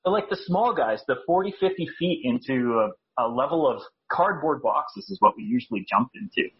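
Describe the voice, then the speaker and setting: A man's voice: mid-range voice, animated, a little fast, dull audio. A Canadian man, a guest on a casual podcast interview, talking in a chatty, self-deprecating way and laughing easily. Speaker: guest, speaker coach.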